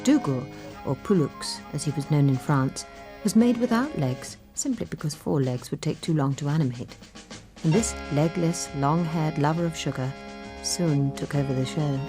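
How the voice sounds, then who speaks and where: A woman giving scripted documentary narration in a measured, wry tone. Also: low voice, music in the background.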